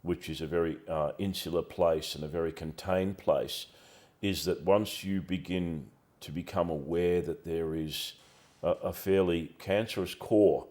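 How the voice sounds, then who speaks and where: Very deep-voiced, measured male interviewer. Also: darkish tone. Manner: measured, deliberate, articulate. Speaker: interviewer, show host. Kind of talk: interview questions and commentary.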